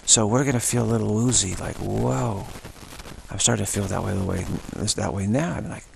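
A man leading a spoken meditation practice, repeating the same word again and again between short phrases in an unhurried, musing way. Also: on the low side, creaky, slight background noise. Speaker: meditation teacher.

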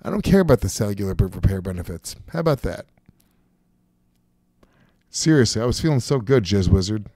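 A man's voice: fairly low pitch, animated, fast talker, few pauses, dark tone, slightly rough, dry recording. A man in his forties streaming a game, ranting and swearing in casual chat with a close desk mic. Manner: profane, ranting, self-mocking. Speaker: streamer and comedian.

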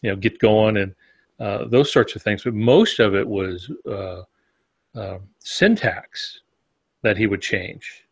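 Guy with a lowish voice talking writing craft on a podcast, dry close sound. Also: slow pace, gravelly, slightly rough, no room sound. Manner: thoughtful, explains with examples. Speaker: podcast co-host. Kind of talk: casual podcast discussion on writing.

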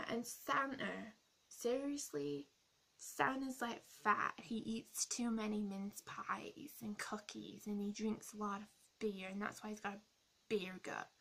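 A woman's voice: mid-range voice, steady tone, slow pace, gravelly, a bit bright, exaggerated voice. A woman playing a snarky, rude young woman character, ranting sarcastically in a comic role-play vlog. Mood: sarcastic. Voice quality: blunt, sarcastic, swears freely.

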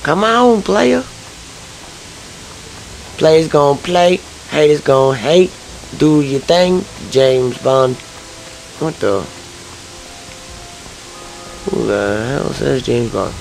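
A man talks through a video game in casual, profanity-laden commentary. His voice is gravelly and sits a little high. He grumbles and vents frustration as he plays. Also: lively intonation, very slow, pauses often, slight background noise, rough recording. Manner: frustrated, swears a lot. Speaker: let's-play gamer.

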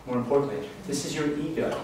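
A man's voice: mid-range voice, fast, a little mellow. Earnest man lecturing in an echoey room. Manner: earnest, reflective teaching tone. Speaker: spiritual workshop speaker. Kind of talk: live talk to an audience. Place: event room. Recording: echoey room, distant mic, faint hiss.

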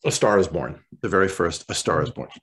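A male voice actor chatting as an interview guest, relaxed and rambling, often clearing his throat. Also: low voice, brisk. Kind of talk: casual interview chat.

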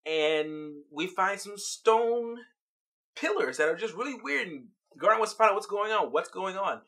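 Lively, bright-voiced episode recap. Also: medium pitch, moderate pace. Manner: animated storytelling, laughs often. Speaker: vlog host.

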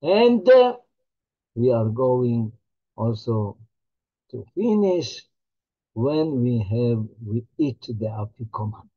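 A man, a rabbi, teaching a holiday Torah class in a halting, earnest way, often repeating his words. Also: mid-range voice, sing-song, lo-fi sound.

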